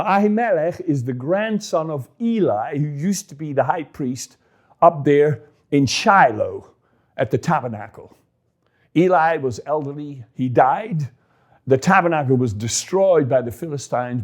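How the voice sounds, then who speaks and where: A man's voice: mid-range voice, darkish tone. A man casually retelling a scripture story with explanatory asides.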